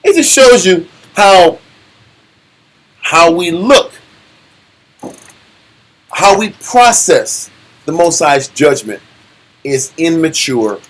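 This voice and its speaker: A man leading a casual Bible study, animated and full of rhetorical questions and slang. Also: fairly high pitch, extremely slow, long pauses, rough recording. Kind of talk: casual scripture teaching.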